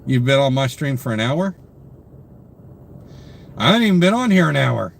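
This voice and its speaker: A tired young man yawns his way through a live stream, reading viewer comments aloud and greeting people by name. His everyday mid-pitched voice swings widely in pitch at a moderate pace, with vocal fry and rambling fillers. A faint hiss runs under the desk-mic audio.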